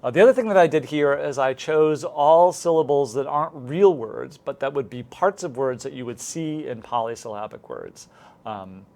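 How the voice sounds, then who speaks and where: A man's voice: mid-range voice, animated, normal speed, darkish tone. A man instructor talking through a lesson plan step by step, modeling the wording a teacher would use. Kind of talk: recorded lecture walkthrough.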